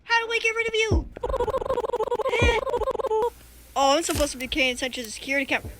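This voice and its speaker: A young woman commenting as she plays a video game, excitable and panicky and full of nervous filler sounds. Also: sits high, fast, long pauses, very noisy. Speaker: gamer playing a video game. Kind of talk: gameplay commentary. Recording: game music playing clearly behind.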